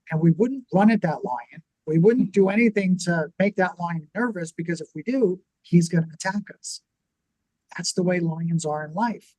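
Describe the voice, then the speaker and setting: Animated man explaining with acted-out quotes. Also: a little high, no echo, rough recording. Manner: animated, acts out quoted reactions. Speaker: podcast co-host. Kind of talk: conversational teaching.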